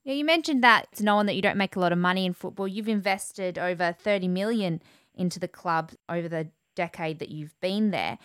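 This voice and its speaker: A woman's voice: lowish voice, brisk, a bit bright, smooth, no echo, studio quality. A woman interviewing a guest on radio, asking direct, prepared questions.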